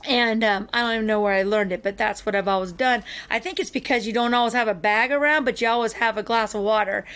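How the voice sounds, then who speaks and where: Chatty woman, fairly high voice. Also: quick pace. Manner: animated and chatty, with frequent fillers. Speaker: podcast co-host. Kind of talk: casual storytelling chat.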